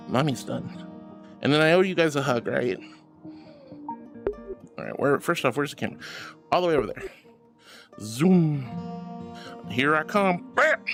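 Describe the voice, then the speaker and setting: A woman's voice: deep voice, very animated, unhurried, pauses often. A woman hosting a casual live stream, bubbly and affectionate as she greets viewers and reads chat aloud. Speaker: livestream host. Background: background music.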